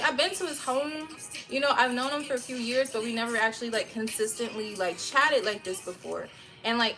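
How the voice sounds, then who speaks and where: A woman in her thirties, a livestream host, venting to her viewers in casual, blunt, animated talk with plenty of swearing. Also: fairly high pitch, poor audio. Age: 30s.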